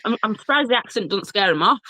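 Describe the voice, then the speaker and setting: As a guest in a casual storytelling chat, a blogger and journalist from Bradford, Yorkshire, laughs frequently and recalls ghost stories from her youth. She's in her thirties with a broad Yorkshire accent, and she talks fast in a medium-pitched, expressive voice that's bright and forceful. No echo is present.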